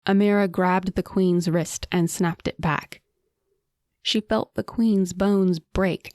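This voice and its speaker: A woman narrating a fantasy audiobook in a measured, dramatic storytelling manner. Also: fairly low pitch, darkish tone, no echo, clean studio sound.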